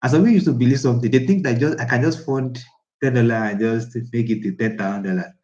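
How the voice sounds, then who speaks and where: A man's voice: medium pitch, fast talker, mellow, highs cut off. A man who coaches traders in a casual live class, talking in an emphatic, repetitive, preachy way. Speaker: trading coach.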